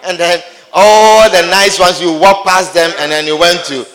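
A man with a high voice preaches a sermon in a church hall. He plays out little everyday scenes and hammers his points home by repeating them, and long reverb trails behind each phrase. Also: steady tone, moderate pace, fairly bright tone.

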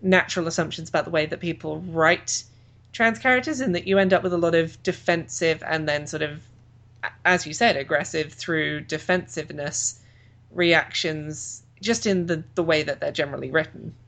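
A woman's voice: deep voice, normal speed, vocal fry, fairly bright tone. A woman hosting a podcast who talks casually and laughs easily while chatting with co-hosts. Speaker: podcast host and convention track organizer. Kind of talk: casual chat.

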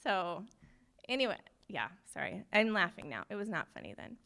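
A young woman tells a personal story to a church group, her voice sitting at an ordinary middle pitch. She rambles nervously and keeps laughing at herself. She talks like a nurse chatting casually. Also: very animated, normal speed, creaky, pushed and bright. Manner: nervous, rambling, laughs often, self-deprecating. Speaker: nurse sharing a testimony. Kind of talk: personal testimony talk.

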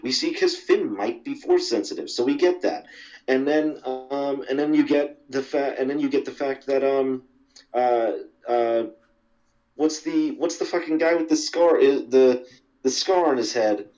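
A man's voice: medium pitch, unhurried, darkish tone, highs cut off. A man hosting a casual movie-talk podcast, rambling and profane, often laughing. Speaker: podcast host.

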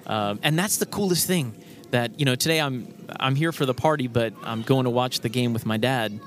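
A man's voice: medium pitch, normal speed, fairly bright tone. A man chatting as a guest on a podcast, rambling and hesitant, with many "uh"s and "um"s. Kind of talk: casual chat.

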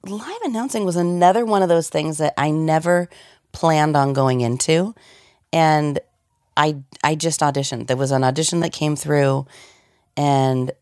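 A woman's voice: low-pitched, darkish tone, no echo, studio quality. A woman voice actor with a cold, chatting animatedly in an interview and laughing often. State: has a cold. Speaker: voice actor guest. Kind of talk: casual interview chat.

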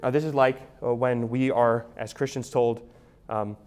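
A man delivers an expository sermon at a middle pitch. He teaches conversationally, restarting phrases and checking in with his listeners. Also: fairly even intonation, a little slow, darkish tone, clear, resonant tone. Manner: conversational teaching, frequent restarts, asks "right?". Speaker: pastor.

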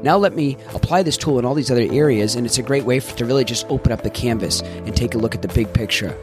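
A male life coach with a mid-range voice explains his method to listeners. He speaks in a calm, explanatory way, and a music bed plays clearly underneath his voice. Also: medium pitch, fast talker. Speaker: life coach and podcast host. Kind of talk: coaching podcast talk.

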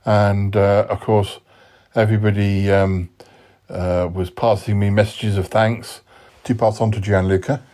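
A man hosting a comedy podcast, telling the story in a hesitant, halting way. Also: fairly low pitch, flat delivery, dark tone. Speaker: podcast host.

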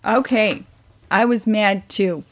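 A woman's voice: medium pitch, slow, slight background noise. A woman co-hosting a casual podcast about reality TV, with a wry, joking and teasing manner. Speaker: podcast co-host. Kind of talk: casual reality-TV recap chat.

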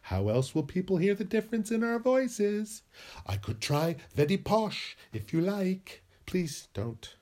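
A man's voice: high-pitched, very animated, a little slow, a little mellow. Sing-song man bickering with himself. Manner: bickers with himself in two voices. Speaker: podcast host. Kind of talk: comic podcast skit.

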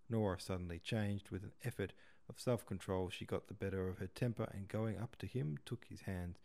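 Man reading a classic novel aloud, low dark gravelly voice, steady pace. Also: fairly quick, few pauses. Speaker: podcast host reading a novel. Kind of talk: audiobook narration.

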